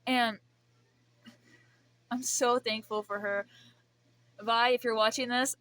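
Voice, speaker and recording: A young woman vents to her camera, rambling and swearing as her feelings spill out. Her voice is bright and sits a little high. The talk is raw and personal. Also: fairly even intonation, unhurried, long pauses. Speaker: vlogger. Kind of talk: emotional vent.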